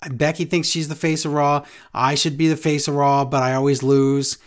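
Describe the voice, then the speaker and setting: A man's voice: on the high side, level tone, moderate pace, natural voice. A man voicing a whiny, self-pitying adult male wrestler, in a mocking paraphrase.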